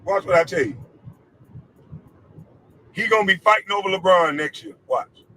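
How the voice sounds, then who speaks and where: A man's voice: sits high, expressive, normal speed, bright, forceful tone, poor audio. A man in a clip, ranting with heated, mocking, profane repetition. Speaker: former athlete in a clip. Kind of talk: profane rant.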